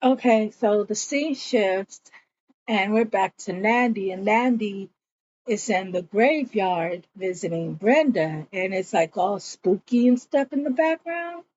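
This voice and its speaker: A TV series reviewer casually recaps an episode, speaking slowly and with animation in a mid-range, slightly mellow voice and acting out bits of the characters' lines. The audio has its highs cut off and slight background noise.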